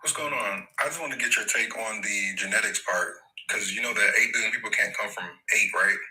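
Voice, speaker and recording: A man's voice: fairly low pitch, a little fast, sharp tone, rough recording. A male caller in a debate who talks casually and a little hesitantly.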